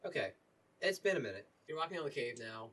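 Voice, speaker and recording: Halting man narrating a tabletop game. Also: mid-range voice. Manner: relaxed, halting, many fillers. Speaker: dungeon master. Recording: voice a little distant from mic.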